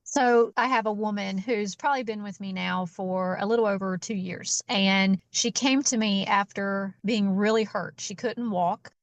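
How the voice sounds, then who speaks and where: A woman guest on a podcast, telling a story with animation and acting out each voice in it. Her voice sits in a middle pitch. The sound is close and dry, with no room echo. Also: unhurried, few pauses. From Georgia, US. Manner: animated storyteller who acts out quoted dialogue. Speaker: chiropractor guest. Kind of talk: storytelling in an interview.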